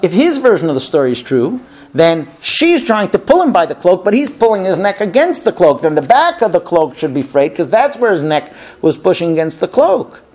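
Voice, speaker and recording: Animated man telling a Torah story. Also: high voice, moderate pace, hardly any pauses. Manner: lively, acts out the story's voices. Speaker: rabbi teaching Torah.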